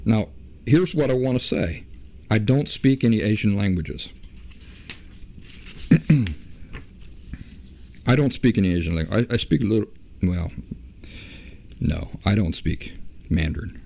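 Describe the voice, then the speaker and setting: A man hosting a solo podcast, explaining his views in a measured way and often stopping to correct himself. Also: lowish voice, lively intonation, gravelly, dark tone. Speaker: podcast host.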